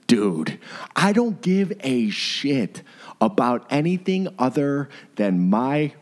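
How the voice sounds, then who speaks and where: A man's voice: medium pitch, big pitch swings, slow. Young male comedian co-host, mid-range voice; crude, ranting, slangy. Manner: crude, ranting, says "dude" and "bro" a lot. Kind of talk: casual comedic chat.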